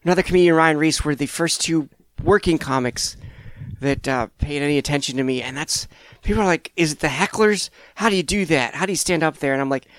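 A man's voice: on the high side, brisk, fairly bright tone, dry recording. A man in his thirties, a stand-up comedian appearing as a podcast guest, telling stories in an easygoing, thoughtful way. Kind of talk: casual conversation.

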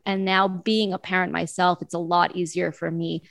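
A woman's voice: lowish voice, flat delivery, normal speed, gravelly, a bit bright, no echo. A woman, probably in her thirties, giving casual, earnest parenting advice in an interview, with frequent fillers and restarts. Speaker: parenting guest.

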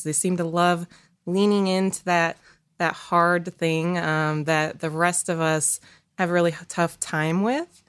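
A woman's voice: fairly low pitch, a bit bright, clean tone. A woman asking a psychologist a question on a podcast, in an effusive, earnest way. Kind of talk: podcast conversation.

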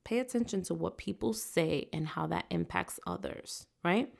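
Woman podcaster with vocal fry. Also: fairly low pitch, normal speed. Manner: uplifting, preacher-like encouragement. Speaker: podcast host. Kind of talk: solo podcast monologue.

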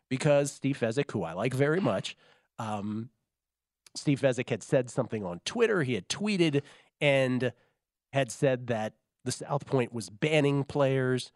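A man's voice: medium pitch, dry recording, clean studio sound. A man hosting a sports-betting talk show, telling stories animatedly and laughing often. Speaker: radio show host.

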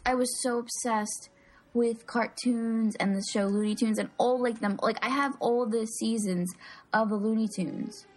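A woman's voice: on the high side, fairly even intonation, measured pace, poor audio. A woman co-hosting a movie podcast, chatty and self-deprecating, with many fillers. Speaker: podcast co-host. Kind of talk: casual movie podcast chat.

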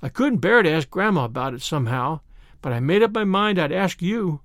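A man's voice: a little high, animated, brisk, a bit bright, dry recording, clean studio sound. A man reading an earnest little boy. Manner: polite, old-fashioned, earnest talk.

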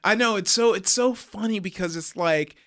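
A young man talks games in a casual co-hosted chat. His voice is bright and a little high, and he stumbles and restarts as he goes, often breaking into laughter. The sound is close and dry. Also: moderate pace, no echo. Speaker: podcast co-host.

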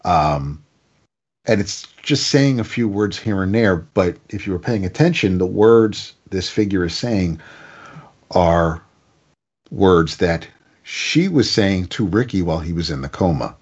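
A man's voice: low-pitched, lively intonation, measured pace, breathy edge, dull audio. A man casually reviewing a comic, recapping the plot in a rambling way with stammered restarts.

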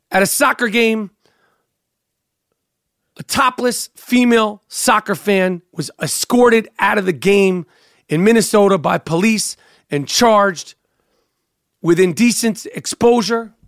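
A man with a strikingly high voice rants on a talk show, crude and incredulous, piling on the outrage. The sound is close and dry, with no room around it. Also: slow, long pauses, fairly bright tone, no room sound. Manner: heated, crude, incredulous ranting. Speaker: host. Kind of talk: profane comedic rant.

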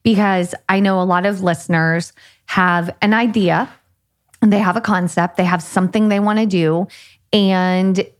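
A woman's voice: mid-range voice, fairly even intonation, normal speed. A woman co-hosting a podcast with her husband, talking in a playful, teasing, candid way. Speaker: podcast co-host. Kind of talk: casual podcast chat.

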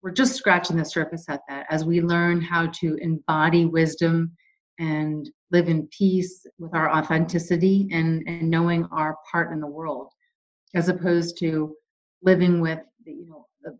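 Calm, earnest woman on dull audio. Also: low voice. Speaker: guest expert. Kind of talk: conversational interview.

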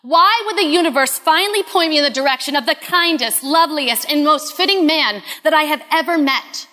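A woman in her thirties telling a personal story in an earnest, confessional way, often dropping to a hush. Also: sits high, a little fast, in a large hall. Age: 30s.

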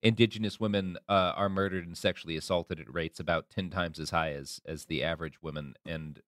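Man, very low voice, podcast co-host, measured, explanatory, dry sound. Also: steady tone, a bit bright, dry recording. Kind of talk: casual chat.

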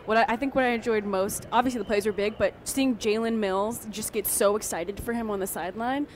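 A woman's voice: medium pitch, fairly even intonation, brisk. A woman co-hosting a live show, chatting about players with a lot of hedging. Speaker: podcast co-host. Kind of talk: live practice commentary. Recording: faint background noise.

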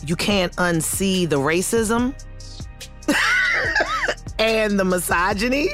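A woman in her forties chatting casually as a co-host, telling animated stories and acting out what people said. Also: medium pitch, a little slow, music in the background. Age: 40s. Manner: animated storytelling, acts out quotes. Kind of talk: casual chat.

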